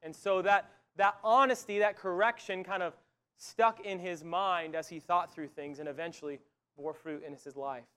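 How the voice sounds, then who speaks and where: A high-pitched man delivers a sermon in an earnest, conversational tone. He speaks directly to his listeners and often repeats the first words of a phrase before finishing it. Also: steady tone, normal speed, pushed and bright, clean tone. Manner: earnest, conversational preaching with frequent restarts. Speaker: pastor.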